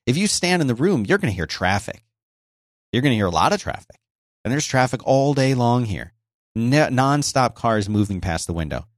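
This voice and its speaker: A man's voice: mid-range voice, big pitch swings, moderate pace, no room sound. A man hosting a casual solo podcast, talking in a conversational, explanatory way with frequent restarts, on a close dynamic microphone in a home office. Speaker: podcast host. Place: home office by a busy highway. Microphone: close dynamic microphone with noise gate.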